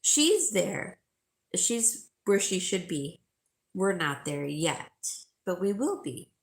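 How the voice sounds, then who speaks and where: A woman's voice: fairly low pitch, very animated, slow pace. A middle-aged woman hosting a live jewelry sale, chatting emotionally with viewers and calling them by name. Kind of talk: casual chat with viewers.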